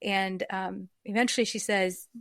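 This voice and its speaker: A woman guest in an interview, telling a personal story reflectively, with frequent fillers and soft laughs. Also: mid-range voice, fairly even intonation, measured pace, vocal fry, dry recording, studio quality. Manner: reflective, acts out remembered dialogue. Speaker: podcast guest.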